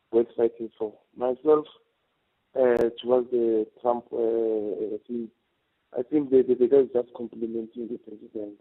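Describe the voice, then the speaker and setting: Gravelly man on a phone line. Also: medium pitch. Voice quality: gravelly, husky. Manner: halting, hesitant with fillers and restarts. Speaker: caller. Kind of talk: opinionated call-in.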